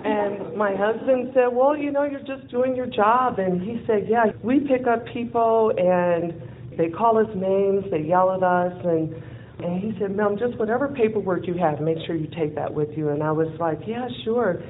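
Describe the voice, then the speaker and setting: A woman's voice: mid-range voice, normal speed. Woman telling a story over a tinny line. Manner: lively, acts out quoted dialogue, laughs often. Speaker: speaker telling a personal story. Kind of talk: personal storytelling with a closing lesson. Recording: phone-like narrow sound with faint noise.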